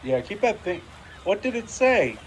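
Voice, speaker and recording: Excitable guy playing a tabletop game, high voice that swoops all over. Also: normal speed, a little hiss or hum, rough recording. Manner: excitable and chatty. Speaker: player. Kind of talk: casual tabletop game play.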